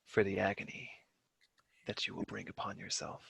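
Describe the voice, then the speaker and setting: Guy doing a creepy dark knight, deep slow whisper, super ominous. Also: monotone, vocal fry, husky, dry recording, exaggerated voice. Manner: slow, solemn pronouncements. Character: menacing armored male warrior, cold and ominous.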